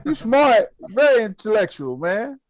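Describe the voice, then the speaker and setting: A man's voice: sits high, big pitch swings, measured pace, crowd noise. A man on a casual live panel show who jokes and teases the other guests. His delivery is playful and loose, with plenty of banter. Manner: joking, teasing, playful.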